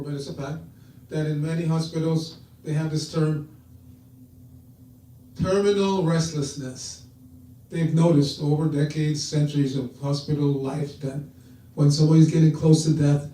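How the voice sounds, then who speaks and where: A man's voice: on the high side, dark tone, distant mic. Man preaching in an echoey hall. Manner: storytelling, acts out quoted voices. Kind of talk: sermon.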